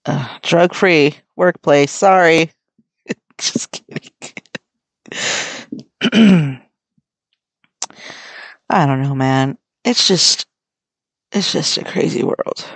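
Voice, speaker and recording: A woman's voice: deep voice, drawn-out words, creaky, pauses often, no room sound. A young adult American woman hosting her own podcast, talking in a rambling, frank, swear-heavy casual way. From United States. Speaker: podcast host. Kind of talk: casual solo podcast chat.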